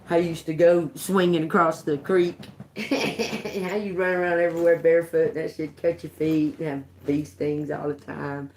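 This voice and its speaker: A woman's voice: low-pitched, fairly even intonation, normal speed, a little mellow, a little hiss or hum. A woman hosting a casual livestream tarot reading, emphatic and prone to laughing, with casual swearing and phrases repeated for emphasis. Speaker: tarot reader.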